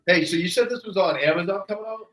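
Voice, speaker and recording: A man co-hosting a casual movie podcast, relaxed and opinionated, swearing casually. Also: high-pitched, fast, echoey room. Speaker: podcast co-host.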